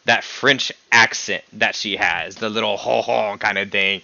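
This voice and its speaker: Speaking a little slowly with few pauses, this young podcast host has a fairly low, gravelly voice that leaps up in pitch when he gets excited. He animatedly teases a guest and laughs often while they rank characters on his home stream. The audio is dry with no echo, bright but somewhat dull and lo-fi.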